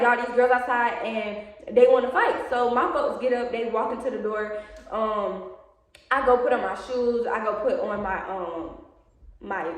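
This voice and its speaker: A young woman, telling a story to her viewers in a casual, animated way. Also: on the high side. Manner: animated, chatty, addresses viewers as y'all, acts out quotes. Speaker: vlogger. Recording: very echoey room, voice far from the mic.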